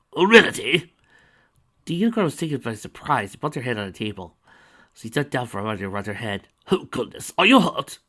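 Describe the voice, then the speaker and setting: A man reading fan fiction aloud, expressive and breaking off to rant about the story. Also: fairly low pitch.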